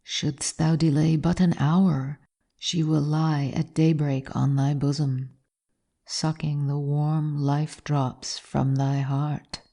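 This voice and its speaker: A cold male sorcerer from a gothic storybook, read by a woman in a low, dark voice. He speaks in slow, solemn, archaic phrases, giving stern commands. The tone stays mellow and unhurried throughout. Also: flat delivery, gravelly, exaggerated voice. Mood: urgent.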